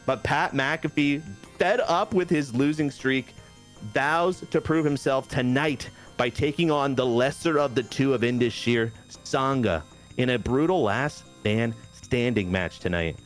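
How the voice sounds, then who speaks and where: A man hosts a playthrough with casual, hyped commentary at a middling pitch. He keeps it playful and chatty over faint background music. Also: a little slow. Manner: hyped, playful, says "baby" a lot. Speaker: host.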